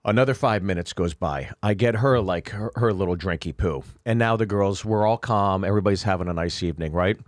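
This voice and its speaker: A man's voice: low voice, fairly quick, few pauses, no room sound, studio quality. A man co-hosting a podcast, telling a long comic story and acting out the people in it. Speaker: podcast co-host. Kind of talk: casual comedic storytelling.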